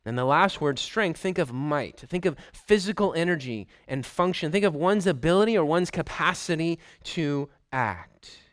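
A man preaching a sermon, emphatic and deliberate, stressing points by repeating short phrases. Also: on the high side, lively intonation, fairly bright tone, dry recording, studio quality. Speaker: pastor.

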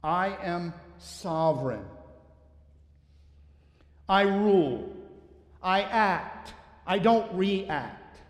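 A man voicing a calm, commanding divine teacher who speaks to his followers in firm, short statements. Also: sits high, drawn-out words, long pauses, exaggerated voice. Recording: echoey hall reverb.

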